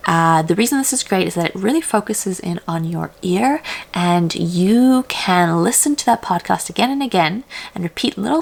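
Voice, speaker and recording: A woman from South Africa giving chatty, emphatic advice to camera as a vlogger. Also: gravelly. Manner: chatty and emphatic, with quick jumps in pitch. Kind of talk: casual talk to camera.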